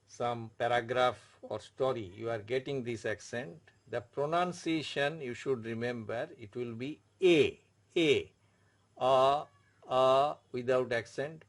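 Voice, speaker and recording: Slow, deliberate male French tutor. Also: medium pitch. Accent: Indian English. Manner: slow, repetitive, formal teaching. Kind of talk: online language lesson.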